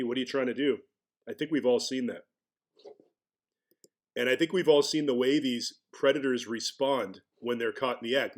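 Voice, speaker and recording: Casual man commenting on a clip. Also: mid-range voice. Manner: conversational, mocking impressions of others.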